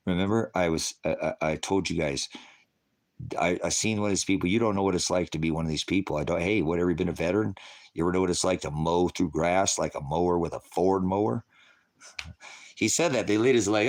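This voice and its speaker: A man's voice: deep voice, fast. A man hosting a casual livestream, rambling in a conspiratorial way, laughing often and answering viewers in chat. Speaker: livestream host.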